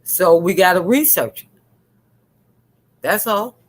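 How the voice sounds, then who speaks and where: A man's voice: sits high, animated, slow, low-quality recording. A man talking candidly and earnestly in a casual online talk show, often restarting his sentences.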